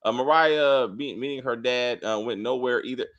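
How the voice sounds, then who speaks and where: A man co-hosting a casual spoiler review of a TV drama, talking in a blunt, animated way, cursing freely and restarting his sentences often. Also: medium pitch, normal speed, highs cut off. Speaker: TV show reviewer, co-host.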